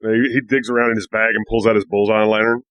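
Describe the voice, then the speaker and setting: A man's voice: fairly low pitch, flat delivery, fast talker, a bit bright, smooth, dry recording. A man playing a tabletop role-playing game, joking and playful. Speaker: player.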